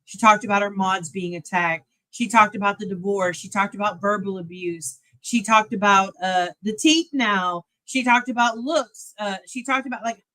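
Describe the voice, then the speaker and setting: A woman streamer giving casual reaction commentary on a clip, animated, laughing and talking back to it. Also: medium pitch.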